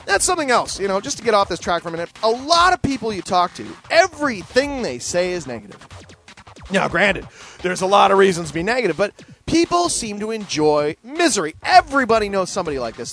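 Male podcast host getting over a cold, high-pitched and rapid, swearing freely while he rants. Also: very animated, fairly bright tone. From Canada. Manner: profane, opinionated ranting with mocking impressions. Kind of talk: rambling solo monologue.

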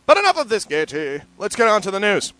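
A man hosts his podcast alone, still getting over a cold. His voice sits high and swings widely in pitch as he rants. His profane, opinionated talk is broken up by mocking impressions of other people. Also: huge pitch swings, fast, pushed and bright, no room sound. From Canada. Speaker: podcast host. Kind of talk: rambling solo monologue.

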